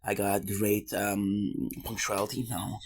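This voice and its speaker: A man's voice: fairly low pitch, flat delivery, slow, husky. A man from Quebec, Canada, in a casual streamer monologue, rambling on goofy side tangents with swearing and jokes.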